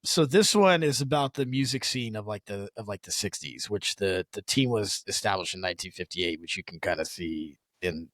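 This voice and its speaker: A man's voice: on the low side, normal speed, hardly any pauses, fairly bright tone, no echo. A man co-hosting a podcast in casual chat, laughing often and telling stories with animation. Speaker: podcast co-host.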